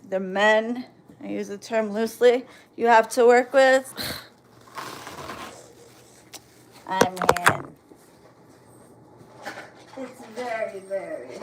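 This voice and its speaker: Forties woman, stream host, profane confrontational rant, unhurried and a bit high. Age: 40s. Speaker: livestream host. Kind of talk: angry ranting at commenters.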